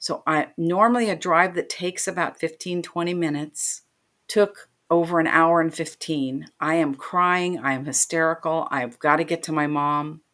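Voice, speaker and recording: A middle-aged woman, a guest on a podcast, recounts a personal story. Her voice sits low, and she tells it with vivid emotion, slipping into the voices of the people she quotes. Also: steady tone, moderate pace, a bit bright.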